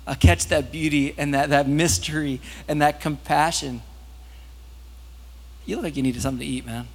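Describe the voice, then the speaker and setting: A man preaches a sermon, talking to his congregation in a casual, animated way. His voice sits a bit high and climbs loud at the peaks. A long reverb from a large hall trails each phrase. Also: moderate pace, breathy edge. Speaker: pastor.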